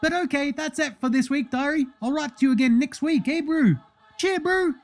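A man's voice: very high-pitched, moderate pace, voice pushed up. A man impersonating a playful young male basketball star with a New Zealand accent, ending every sentence with "eh, bro". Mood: cheeky. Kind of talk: comedic impression monologue.

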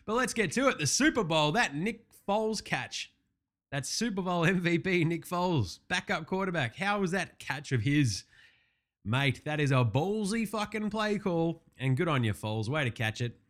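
A man runs through a sports recap in a casual, wisecracking way. He swears freely and stays brash throughout. His voice sits a little on the high side. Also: animated, moderate pace, fairly bright tone. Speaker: podcast host.

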